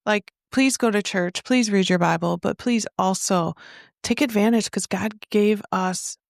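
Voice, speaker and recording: A woman's voice: medium pitch, a little slow, vocal fry, dry recording, studio quality. Chatty woman podcast host. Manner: warm, chatty, laughs easily. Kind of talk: casual interview chat.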